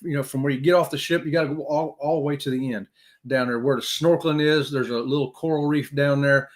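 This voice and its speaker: A man's voice: mid-range voice, fairly even intonation, quick pace. A man hosting a casual live-stream chat, jokey and talkative, greeting viewers by name.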